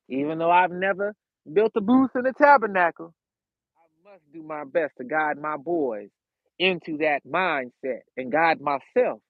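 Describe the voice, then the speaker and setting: A man's voice: high-pitched, no echo, phone-quality sound. A man preaching a sermon and praying in an impassioned, preacherly cadence, repeating his phrases. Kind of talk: sermon with prayer.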